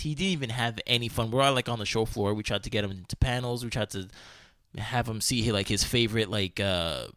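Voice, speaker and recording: A man hosting a podcast, telling a story in casual chat, animated, full of "like" and swearing freely. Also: medium pitch, no echo. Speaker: podcast host.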